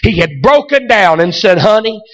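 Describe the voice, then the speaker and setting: A man's voice: very high-pitched, lively intonation, measured pace, bright, forceful tone. A man preaching a fervent sermon, breaking often into amens and hallelujahs. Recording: dull lo-fi recording.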